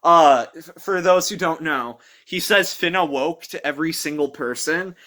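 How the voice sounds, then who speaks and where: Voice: medium pitch, moderate pace, a bit bright. A movie reviewer talking casually and rambling with amusement through the plot, full of fillers and acted-out quotes.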